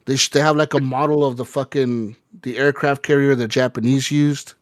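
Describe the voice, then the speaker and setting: A man's voice: medium pitch, steady tone, normal speed, no room sound, clean studio sound. A man co-hosting a casual podcast, telling a long rambling story full of swearing. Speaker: podcast co-host. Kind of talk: casual chat.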